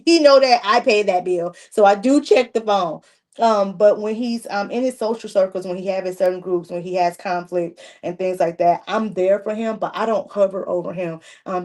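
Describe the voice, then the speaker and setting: Chatty woman giving a devotional livestream talk. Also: medium pitch. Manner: conversational and animated, with many fillers and restarts. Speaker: ministry leader giving a parenting talk. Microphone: livestream mic.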